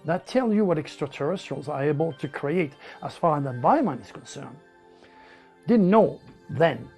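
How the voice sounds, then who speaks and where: A fairly high-pitched man talks at normal speed as soft music plays. A native French speaker from southern France with a French accent, he's being interviewed and tells his stories animatedly, voicing the dialogue of the people involved.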